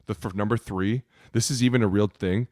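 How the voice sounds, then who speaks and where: A man's voice: lowish voice, steady tone, a little fast, a little mellow, no room sound, clean studio sound. A man co-hosting a casual podcast, ranting in a profane, exasperated way. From lives in Minnesota. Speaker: podcast co-host. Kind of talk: heated casual podcast banter.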